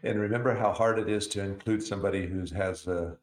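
A man co-hosting a casual talk show, telling stories in a relaxed way with frequent chuckles. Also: on the low side, fast talker. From United States. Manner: relaxed storyteller, chuckles often. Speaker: co-host. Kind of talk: casual conversation. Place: Southeast Arizona. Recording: roomy echo.

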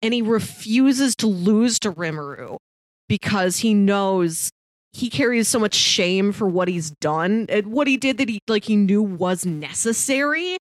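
A woman's voice: medium pitch, expressive, a little slow, no room sound. A woman co-hosting a casual book-club podcast, retelling a story with enthusiasm. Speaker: podcast co-host.

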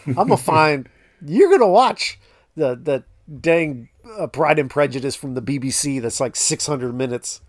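A man co-hosting a movie podcast in casual chat, relaxed and teasing. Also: fairly high pitch, normal speed, no room sound, studio quality. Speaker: podcast co-host.

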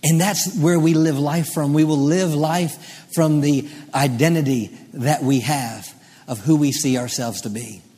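A male pastor preaching a sermon, moving from quiet teaching to rising, emphatic delivery. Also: fairly high pitch, a little slow, slightly rough. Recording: long hall reverb.

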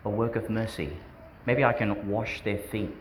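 Man, priest, homily to kids, fairly low voice, chatty, quizzing, faint room noise. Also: steady tone, normal speed. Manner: chatty, asks questions, laughs often. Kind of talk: homily to schoolchildren. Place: school church service.

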